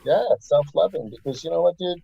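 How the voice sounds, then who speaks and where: A man's voice: fairly high pitch, animated, fairly quick, gravelly, dark tone, slightly rough, dry recording, dull audio. A man speaking as an interview guest in a laid-back, earnest way, often calling the host "man" or "brother". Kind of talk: casual interview chat.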